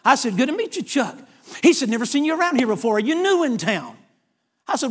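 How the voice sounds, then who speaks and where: Male evangelist, very high pitched, animated storyteller, middle-aged, sermon delivery. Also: fast, husky. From United States. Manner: animated storyteller acting out dialogue. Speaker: evangelist preacher.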